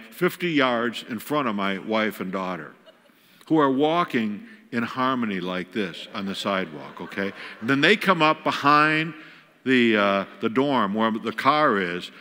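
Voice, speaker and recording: An older man, a guest speaker, telling a humorous family story from the pulpit, animated and self-mocking as he acts out each scene. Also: mid-range voice. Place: large church auditorium. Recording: long hall reverb.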